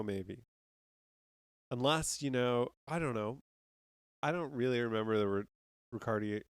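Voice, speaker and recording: Slow-talking man ranting, dry close sound. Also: fairly low pitch, smooth, no room sound. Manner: profane, rambling, ranting. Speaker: podcast host. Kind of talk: casual sports rant.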